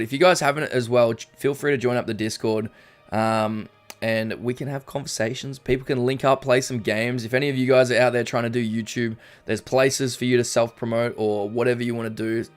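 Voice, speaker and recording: A young Australian man casually chatting on a live stream, rambling and reading chat messages aloud. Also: mid-range voice. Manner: rambling, reads chat aloud, frequent ums. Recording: faint background music.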